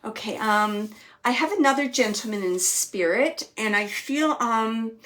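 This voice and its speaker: A woman with a voice on the high side hosts a live spirit-reading chat as a psychic medium, speaking at a measured pace. She's chatty and laughs often, relaying quoted messages with liveliness and dropping to soft murmurs while she searches.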